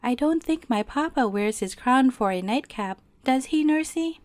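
A woman's voice: high voice, animated, normal speed, darkish tone, dry recording. A woman voicing an earnest little princess. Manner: pleading, indignant. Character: young princess girl, earnest and easily hurt.

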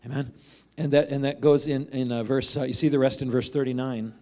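A man's voice: medium pitch, fairly even intonation, brisk, darkish tone. Conversational male pastor preaching a sermon. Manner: conversational, asks "right?" often, acts out quoted voices.

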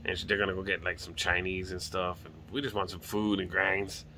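A man's voice: deep voice, flat delivery, a little fast, bright, forceful tone, a little hiss or hum. A middle-aged man from Hawaii with a light lilt, rambling casually and swearing now and then as he chats on his porch. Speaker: vlogger. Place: outdoors on a home porch.

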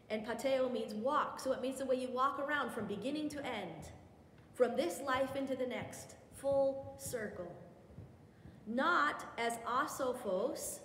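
A woman's voice: medium pitch, a little hiss or hum. A woman teaching a women's Bible study lesson in a church hall. She explains step by step, with chatty asides and self-corrections. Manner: explanatory, guiding listeners step by step. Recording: echoey hall with faint background ambience.

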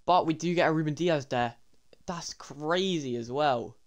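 A young man, commentating his game pack openings in an excitable way and talking to viewers as lads and boys. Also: fairly high pitch, measured pace. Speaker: gaming YouTuber.

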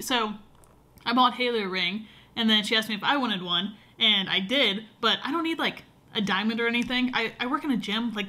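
Speaking to a camera set on a short tripod, this young woman vlogs casually from home in a fairly high, sharp-toned voice with a little hiss or hum. She rambles and chats, using lots of fillers.

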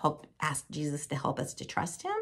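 Woman, children's bible teacher, storytelling, lively sing-song pitch, husky voice. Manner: animated, drawn-out and sing-song.

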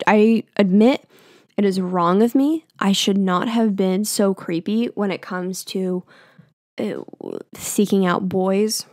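A woman's voice: mid-range voice, dry recording, clean studio sound. A young woman hosting a podcast, telling stories casually in a chatty, self-mocking way full of fillers. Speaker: podcast host. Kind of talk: casual storytelling. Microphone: podcast mic.

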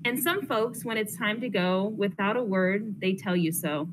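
A young woman counselor intern, reading a rhyming picture book aloud to children in a lively, sing-song way. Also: mid-range voice, normal speed. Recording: noisy classroom recording.

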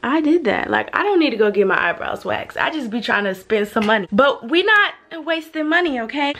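A woman's voice: a little high, fairly bright tone. A young woman, vlogging casually and chatting straight to her viewers in a bubbly, slangy way, recorded on a handheld phone. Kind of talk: casual vlog chat to camera.

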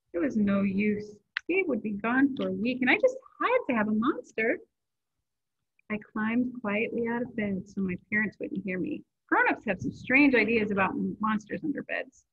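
A woman's voice: sits high, husky. A woman teaching a children's art class, encouraging the kids and reading a picture book aloud. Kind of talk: kids' class instruction and read-aloud. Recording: tinny lo-fi phone-like audio.

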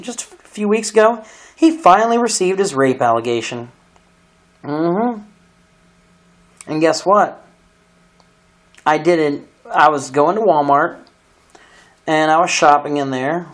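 A man vlogging, telling a long story in a rambling way full of restarts and filler phrases. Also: a little high. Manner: rambling, with many restarts and "you know"s. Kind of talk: casual storytelling monologue.

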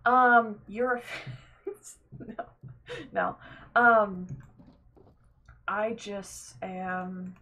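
A young woman chats to her stream audience while she plays, rambling and laughing between thoughts. Her voice is slightly husky, and she talks slowly and unhurriedly. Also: fairly high pitch. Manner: rambling, filler-heavy, laughs often, talks to chat. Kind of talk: casual gameplay live stream chat.

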